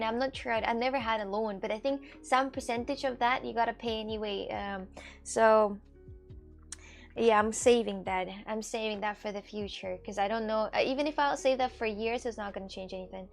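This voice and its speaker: A woman livestreamer chatting casually with her viewers and answering their questions, halting, with many fillers and restarts, and swearing casually. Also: a little high. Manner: answers chat questions aloud. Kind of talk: casual stream chat.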